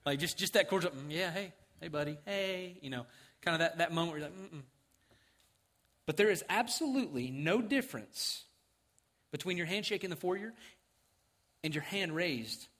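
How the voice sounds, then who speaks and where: A middle-aged man preaching in a church sanctuary, telling a story with lively acted-out quotes and frequent chuckles. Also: a little high. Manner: animated, acts out quotes, chuckles often. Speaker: pastor. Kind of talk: sermon with storytelling.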